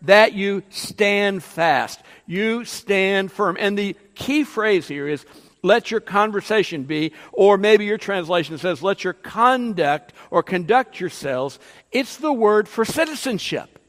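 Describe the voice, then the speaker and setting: A man's voice: sits high, expressive, slow pace, fairly bright tone. A man preaching a sermon as pastor, emphatic and rising and falling, with frequent fillers. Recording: long hall reverb.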